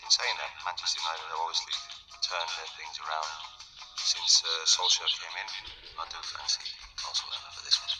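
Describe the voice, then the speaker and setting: Very deep Icelandic man with a British accent. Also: level tone, a little fast, over music. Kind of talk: interview. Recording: distant from the mic.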